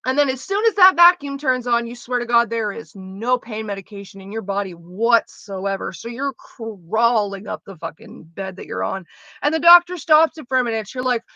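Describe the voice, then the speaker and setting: A woman's voice: a little high, normal speed, pushed and bright, no room sound, dull audio. Blunt, profane young woman. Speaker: streamer. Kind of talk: candid casual chat.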